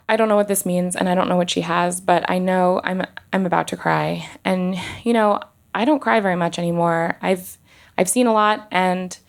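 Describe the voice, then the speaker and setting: A woman doctor telling a personal story in an earnest, halting way, with pauses and restarts. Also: lowish voice, gravelly.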